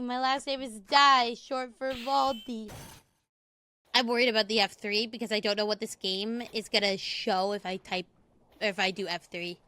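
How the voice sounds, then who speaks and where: A young adult woman streaming games, chatting and joking, and bursting into loud screams and curses. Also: high voice. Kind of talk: livestream gaming commentary.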